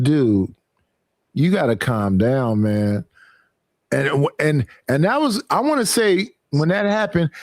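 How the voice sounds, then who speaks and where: A man on a talk show, somewhat high-voiced, telling profane stories that he acts out as he goes. His voice sounds dry and close to the microphone, with no room around it. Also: no room sound. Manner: profane, animated storytelling with acted quotes. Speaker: podcast host. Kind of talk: casual storytelling.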